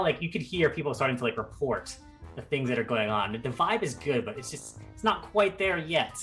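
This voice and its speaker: A young man narrating as game master in a relaxed, rambling way with lots of fillers. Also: medium pitch, normal speed, faint music behind. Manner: casual, rambling with many fillers. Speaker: dungeon master.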